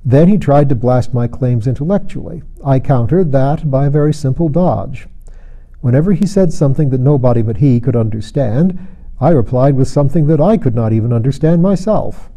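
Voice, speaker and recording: A man reading a novel aloud as an audiobook narrator, in a measured, dry storytelling manner. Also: medium pitch, expressive, highs cut off.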